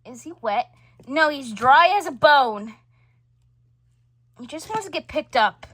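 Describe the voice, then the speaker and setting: Woman, high voice, animated pitch, switches character voices, homemade family role-play. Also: measured pace, no room sound. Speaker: storyteller voicing all characters.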